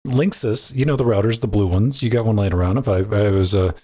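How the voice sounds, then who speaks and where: A man's voice: on the low side, fairly quick, dark tone, slightly rough. A man co-hosting a gaming podcast in loose, rambling banter, swearing casually and restarting his sentences. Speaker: podcast co-host.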